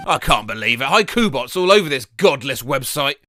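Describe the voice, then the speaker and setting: A man's voice: medium pitch, big pitch swings, a little fast, few pauses, bright, forceful tone, soft background music. A man doing comedic commentary, reading internet posts aloud with sarcastic, punchy delivery.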